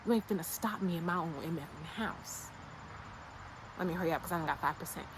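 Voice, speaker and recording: A woman from the United States with a fairly low voice talks a little fast over a noisy background. As a YouTube creator, she delivers a casual, emphatic motivational rant to her channel, blunt and slangy, fired up and insistent as she drives her points home through repetition.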